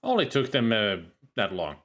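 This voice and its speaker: A man's voice: medium pitch, moderate pace. A man streaming a retro adventure game, chatting and joking casually as he plays. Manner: chatty, animated, jokey. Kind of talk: casual let's-play commentary.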